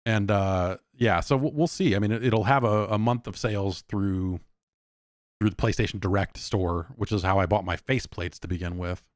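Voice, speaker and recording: A man's voice: on the low side, normal speed, dry recording, clean studio sound. A man hosting a podcast, talking casually over a video call, rambling with frequent restarts. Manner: rambling, hesitant, many restarts. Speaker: podcast host. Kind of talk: casual chat.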